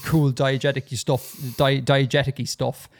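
A man's voice: mid-range voice, flat delivery, normal speed, slight background noise. A man co-hosting a casual podcast discussion, talking in a chatty, hesitant way with frequent restarts and fillers. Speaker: podcast co-host.

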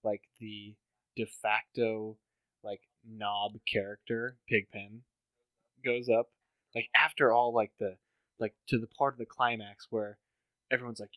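A man's voice: lowish voice, little pitch movement, unhurried, fairly bright tone, no echo. Profane, laughing man chatting over beers. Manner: profane, laughing, rambling with fillers. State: drinking beer. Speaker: podcast co-host. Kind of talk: casual chat, movie talk.

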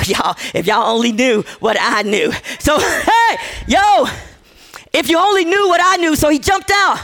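A man preaching a sermon, telling a story with repeated phrases, acting out the characters' lines and shouting at the peaks. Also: extremely high pitch. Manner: acts out characters' quoted lines.

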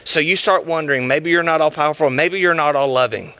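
High-voiced impassioned male preacher. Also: brisk, bright, forceful tone. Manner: emphatic, impassioned, urgent. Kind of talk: sermon.

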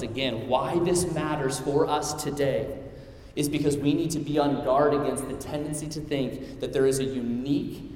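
A man's voice: medium pitch, slight background noise. A young man from the American Midwest with a Midwestern accent, preaching a sermon as pastor in an earnest, conversational way. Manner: earnest, conversational, animated when telling stories. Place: church sanctuary. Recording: echoey hall, mic at a distance.

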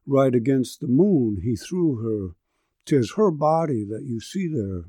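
A man reading a poem aloud, voicing a gentle old grandmother telling lore in a soft, patient tone. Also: mid-range voice, animated, a little slow, no echo.

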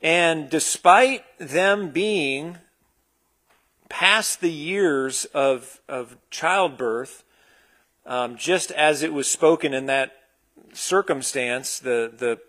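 A man preaching a conversational sermon, relaxed and searching, with frequent fillers and restarts. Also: fairly high pitch, very slow. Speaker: pastor.

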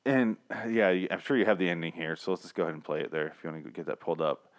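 Low-ish guy on a movie podcast, swears a ton, rambly, laughs a lot. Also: very fast. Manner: profane, rambling, laughs often. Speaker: podcast co-host. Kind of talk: casual movie-review chat.

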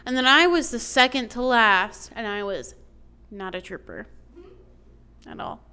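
A woman's voice: a little high, big pitch swings, a little slow, pushed and bright, smooth. A woman telling a personal story to an audience, emotional and piling up complaints in long runs. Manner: emotional, building lists of complaints. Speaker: storyteller on stage.

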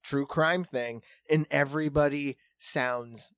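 A man's voice: fairly high pitch, fairly even intonation, slow, fairly bright tone, clear, resonant tone, dry recording. Chatty man from South Dakota. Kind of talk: casual chat.

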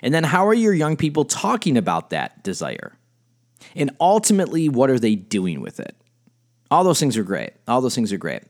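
A middle-aged man, a spiritual director and life coach, giving a blunt, animated teaching talk and reading quotes aloud. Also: mid-range voice, moderate pace. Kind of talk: podcast-style teaching monologue.

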